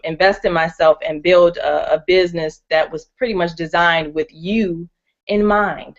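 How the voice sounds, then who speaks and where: Woman, earnest and encouraging, lower voice, muffled lo-fi sound. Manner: earnest and encouraging, with frequent fillers and restarts. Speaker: ministry co-host. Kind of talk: faith-based finance teaching. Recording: muffled lo-fi audio.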